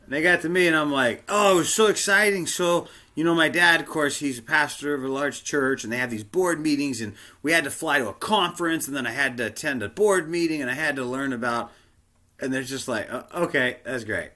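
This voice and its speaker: A man preaching a sermon, telling a personal story and acting out the dialogue in it. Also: a little fast. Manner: animated, acts out dialogue with big pitch jumps. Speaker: pastor.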